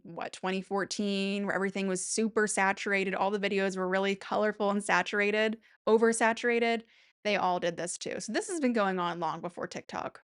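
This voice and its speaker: A woman hosting a casual commentary, her voice sitting at an ordinary middle pitch. She talks in a chatty, exasperated way and leans on words with bursts of mock-dramatic emphasis. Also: clean tone. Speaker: commentary host.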